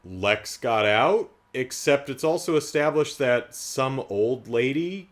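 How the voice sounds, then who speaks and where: A man's voice: medium pitch, expressive, slow pace. A man giving a casual, comedic movie recap in a sarcastic, incredulous way, rambling with asides. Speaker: movie reviewer.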